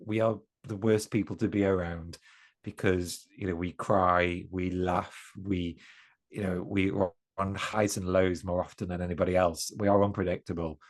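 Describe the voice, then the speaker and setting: Deep-voiced and level in tone, this East Midlands man talks at a moderate pace as a guest on a podcast. He's thoughtful and sincere in the casual chat, often starting over mid-sentence and self-correcting.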